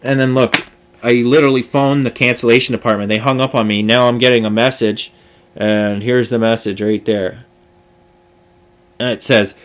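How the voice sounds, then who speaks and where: A man's voice: medium pitch, fairly even intonation, normal speed, a bit bright. A man, ranting to camera in an agitated, rambling way with many fillers and restarts. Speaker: vlogger. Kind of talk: frustrated rambling rant to camera.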